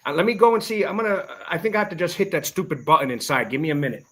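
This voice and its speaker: A man's voice: a little high, racing, a bit bright, breathy edge. A man appearing as a guest on a live art-sale stream, talking casually and bluntly, swearing often. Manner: blunt, swears, frustrated by bad connection.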